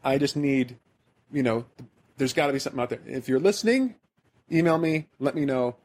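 A man's voice: mid-range voice, brisk, a little mellow. A man from the American Midwest hosting a podcast, telling a rambling, self-deprecating story in casual chat. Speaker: podcast host.

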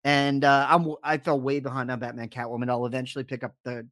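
A man in casual podcast chat, an animated storyteller who acts out the lines he quotes. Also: mid-range voice, fast, dry recording, clean studio sound. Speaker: podcast co-host.

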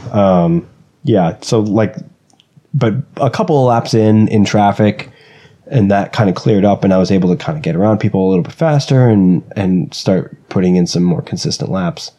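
A man's voice: on the low side, moderate pace, dark tone. A man chatting casually about racing on a podcast, hesitant, with many fillers and restarts, recorded in a bedroom while he has the hiccups. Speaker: podcast co-host and race driver. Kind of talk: casual chat.

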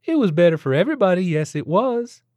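Male narrator voicing a nosy southern woman, high sing-song drawl, dry audiobook read. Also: sing-song, fast talker, a little mellow, no echo. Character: chatty older southern woman stranger.

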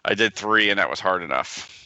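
Male co-host, joking banter, sharp bright voice, slightly low. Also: lively intonation, a little fast, clear, resonant tone, no echo, lo-fi sound. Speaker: podcast co-host. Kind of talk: casual podcast chat.

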